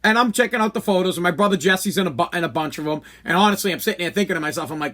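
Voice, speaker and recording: A man's voice: high voice, animated, rapid-fire, hardly any pauses, bright, forceful tone. A man, telling a long personal story on his podcast, candid and rambling, with many restarts. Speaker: podcast host. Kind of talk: casual storytelling monologue.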